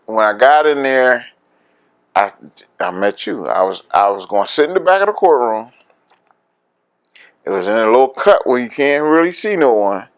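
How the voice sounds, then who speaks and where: A man's voice: medium pitch, smooth. A man with a Philadelphia accent, a veteran telling his story in an oral history interview, candid and laughing often.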